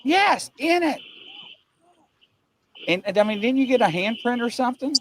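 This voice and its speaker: A male host with a high, wildly swinging voice tells a camping story on a video call. He is excitable and laughs his way through the telling. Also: normal speed, a little hiss or hum. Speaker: show host. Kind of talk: animated storytelling chat.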